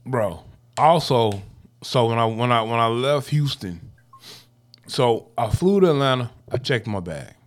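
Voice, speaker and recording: Man, casual podcast chat, slangy, animated, mid-range voice, air-conditioner hum on the mic. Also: medium pitch, unhurried. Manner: animated, slangy, laughs often. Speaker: podcast co-host.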